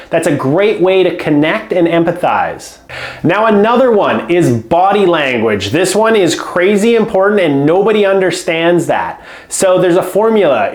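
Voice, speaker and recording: A man's voice: sits high, roomy sound. A man coaching home care business owners in a direct instructional talk, speaking up firmly and stressing key words.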